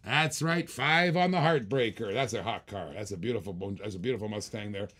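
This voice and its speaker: A man's voice: on the low side, fairly quick, fairly bright tone. A man hosting a live-streamed auction, calling bids in a chatty, joking way and repeating each bid.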